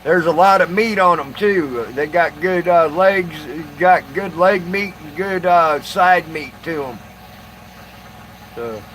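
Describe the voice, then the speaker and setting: A man chatting casually to a live stream audience, halting with many fillers and restarts. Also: on the high side, fairly bright tone, rough recording.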